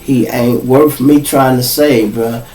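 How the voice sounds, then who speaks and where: A man with a Chicago accent spins a profane, animated street story, calling his listeners y'all. His voice sits mid-range. He sounds set back from the mic in an echoey room. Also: medium pitch, slow, recorded from a distance. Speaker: podcast host.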